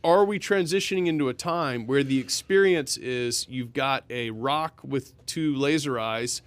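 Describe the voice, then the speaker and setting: A man's voice: medium pitch, measured pace, no room sound. A man in casual podcast chat, reflective and chiming in often. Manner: reflective, frequent agreeing interjections.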